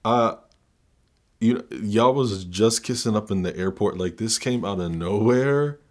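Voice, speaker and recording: A man's voice: on the low side, measured pace, a little mellow, a little hiss or hum. A man giving a casual film recap as a video host, full of slangy jokes and mocking impressions of the characters. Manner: slangy, joking asides; mimics characters in mocking voices.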